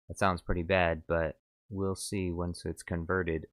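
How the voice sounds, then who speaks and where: A man's voice: low voice, flat delivery, measured pace, dry recording, studio quality. A man casually chatting as a streamer, rambling, self-mocking and reading out chat.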